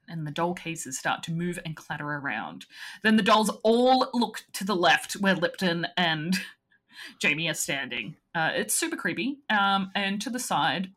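A woman's voice: lowish voice, fairly bright tone. A woman co-hosting a casual podcast, recapping a horror film with frequent laughs and casual swearing. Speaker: podcast co-host.

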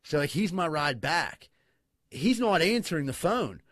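A man's voice: fairly high pitch, unhurried. A man spinning a rowdy story on a casual podcast, swearing freely and getting worked up as he goes. He laughs his way through it. The sound is dry and close, with no room echo. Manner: profane, excitable, laughing storyteller. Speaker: podcast co-host.

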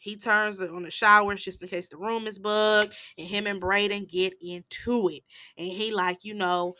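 Woman host, casual show recap, lively slangy storyteller, bright tone. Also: mid-range voice, moderate pace, no echo. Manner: animated storytelling with slangy asides. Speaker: TV episode recapper.

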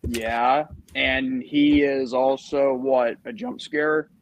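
A man's voice: medium pitch, fairly even intonation, slow. A man co-hosting a podcast, joking and playful, often restarting his words. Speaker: podcast co-host. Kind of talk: casual group chat.

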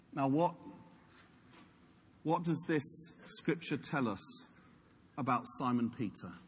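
A man preaches with playful, jokey storytelling. His voice sits high and sounds bright and pressed. A long hall reverb and faint background noise surround it. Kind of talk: sermon.

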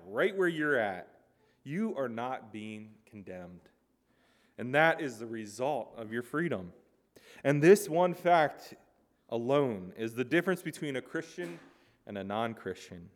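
Earnest male preacher giving a sermon. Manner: earnest, emphatic, with swings from loud stresses to soft low lines.

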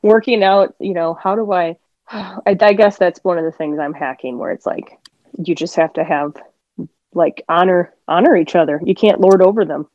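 Woman, caller, candid rambling chat, lowish voice, dull lo-fi audio, dry. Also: normal speed, no echo. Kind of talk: casual chat.

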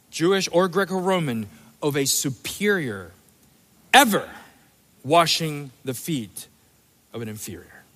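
A man's voice: fairly high pitch, fairly bright tone, big-room sound. A male pastor giving an emphatic sermon with playful asides, in a church sanctuary.

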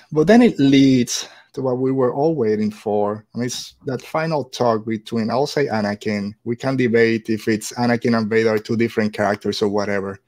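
A man's voice: medium pitch, moderate pace, darkish tone. A man in a casual podcast chat, talking in a rambling way full of hedges.

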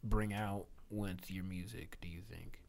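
A man's voice: deep voice, steady tone, unhurried, vocal fry, darkish tone. A young man hosting a loose podcast chat with friends, swearing often and laughing a lot. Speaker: podcast host. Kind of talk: casual chat.

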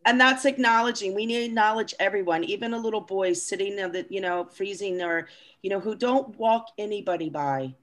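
A woman's voice: mid-range voice, fairly quick. Earnest, enthusiastic woman. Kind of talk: casual spiritual chat.

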